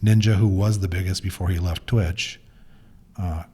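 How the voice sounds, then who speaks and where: A man's voice: sits low, fairly even intonation, moderate pace, mellow, slightly rough. A man talking as a podcast guest in casual chat, explaining things at length in a matter-of-fact way.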